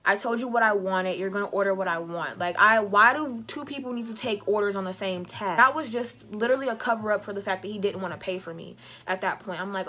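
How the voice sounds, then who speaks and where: A woman vlogger retelling a bad date in a casual storytime, animated and sassy, acting out the dialogue. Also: medium pitch, fairly quick, soft background music. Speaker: beauty vlogger.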